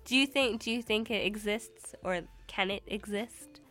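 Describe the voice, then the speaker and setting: A woman's voice: medium pitch, unhurried, a bit bright, soft background music. A young woman co-hosting a radio show in a studio, chatting casually and thinking aloud with small restarts. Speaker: radio co-host.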